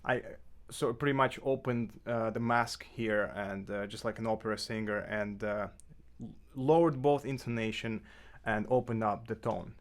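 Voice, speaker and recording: A man with a fairly low voice speaks at normal speed in an indoor apartment setting, teaching clarinet informally. His talk is loose and relaxed, filled with fillers and restarts.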